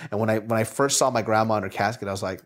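A man hosting a podcast in casual chat, an animated storyteller who swears freely and laughs through his stories. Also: fairly low pitch, rapid-fire. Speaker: podcast host.

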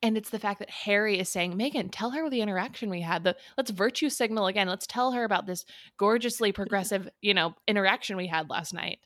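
A woman's voice: medium pitch, brisk, fairly bright tone, dry recording, studio quality. Sarcastic, giggly woman co-host. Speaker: podcast co-host. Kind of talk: casual chat.

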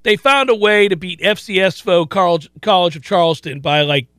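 A man hosting a sports betting radio talk show, emphatic and quick with asides. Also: high-pitched, a bit bright, clean tone, dry recording, studio quality.

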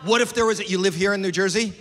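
Older man shouting crowd work, high voice. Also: racing. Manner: loud, incredulous, shouting at an audience member. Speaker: stand-up comedian. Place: comedy club stage. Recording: reverberant club, crowd noise. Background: laughing crowd.

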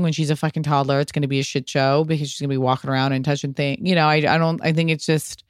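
A woman podcast host in her thirties talks through listener questions in a frank, swearing, lively chatty way. Her voice is smooth and clear, recorded dry and close with no room sound. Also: sits low, no room sound. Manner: candid, profane, animated storytelling. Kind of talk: casual solo podcast answering listener questions.

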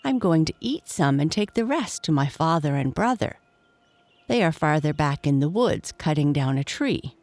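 A woman voicing an eager young male beaver who talks in a quick, excited way. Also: sits low, no echo. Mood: earnest.

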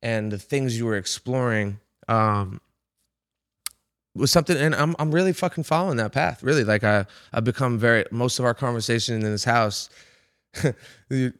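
A man in a casual podcast conversation, reflecting haltingly, searching for words and swearing casually. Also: mid-range voice, fairly bright tone, no room sound, clean studio sound.

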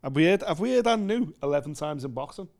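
A man co-hosting a casual fight-sports chat, gushing and excitable, quick to heap praise on fighters. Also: fairly high pitch, vocal fry. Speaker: podcast co-host.

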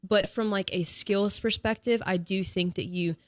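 A woman's voice: medium pitch, steady tone, normal speed, no room sound. Young woman, radio guest, chatty storyteller, dry booth mic. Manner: chatty storyteller, frequent "like" fillers. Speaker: guest soccer analyst. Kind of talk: casual radio chat.

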